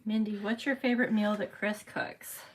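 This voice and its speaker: Congested woman with a nasal, flat voice. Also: medium pitch, moderate pace, a little hiss or hum. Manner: relaxed, reads out comments and greets viewers by name. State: congested, sore throat. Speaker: livestream co-host reading viewer comments. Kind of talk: casual live-stream chat.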